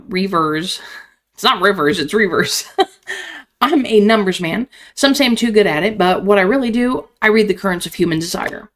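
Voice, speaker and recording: A woman's voice: medium pitch, close to an everyday voice. A woman voicing a smug, scheming male accountant in a horror visual novel, with a teasing, theatrical delivery.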